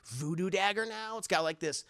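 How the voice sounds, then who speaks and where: A man streaming a casual, rambling film recap to his chat, animated and swearing a lot, close to the mic. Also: high-pitched, moderate pace, clear, resonant tone, no room sound.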